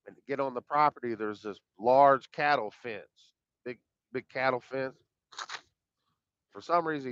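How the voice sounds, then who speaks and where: A man's voice: mid-range voice, a bit bright, no echo. A man telling a personal story in a folksy, rambling, colloquial way, acting out the dialogue. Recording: dull lo-fi dry sound.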